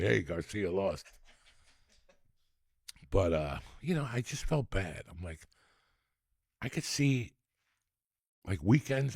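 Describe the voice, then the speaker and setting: A man's voice: low voice, gravelly, breathy edge, no room sound, studio quality. A man, telling rambling, profane comic stories as a podcast host. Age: 60s. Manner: profane, rambling, animated storyteller. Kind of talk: storytelling comedy rant.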